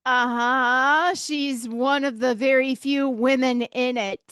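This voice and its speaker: Female co-host, high voice, hesitant and halting, dry close sound. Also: steady tone, fairly bright tone, smooth, dry recording. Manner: hesitant, stammering restarts. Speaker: podcast co-host. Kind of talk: casual chat.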